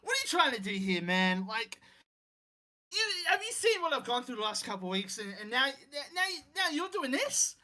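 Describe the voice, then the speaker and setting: A man's voice: extremely high pitch, big pitch swings, moderate pace, sharp tone, voice pushed up, exaggerated voice. A man playing an angry male wrestling promoter who rants and threatens an employee, in a game commentary role-play. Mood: irate.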